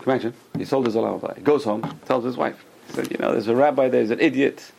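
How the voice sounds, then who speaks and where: A man's voice: mid-range voice, fast talker, vocal fry, a little hiss or hum. A man teaching a Torah class, telling stories and acting out the people in them, often repeating and restarting his phrases. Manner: animated storyteller, acts out quoted people.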